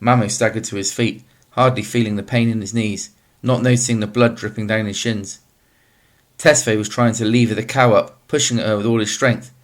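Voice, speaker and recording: A man reading a novel aloud as narrator, in a steady, measured way. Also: lowish voice. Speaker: audiobook narrator.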